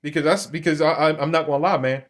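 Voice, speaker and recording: A man's voice: on the high side, steady tone, fast. A man giving blunt, confrontational commentary to camera. He often repeats himself, restarts his sentences and keeps calling his listeners "man". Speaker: religious commentator.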